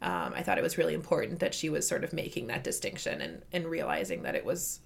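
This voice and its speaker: Woman, podcast co-host, casual book talk, frequent laughter, soft trailing endings. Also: deep voice, very animated, fast, creaky, slightly rough. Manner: chatty, laughs often, trails off softly.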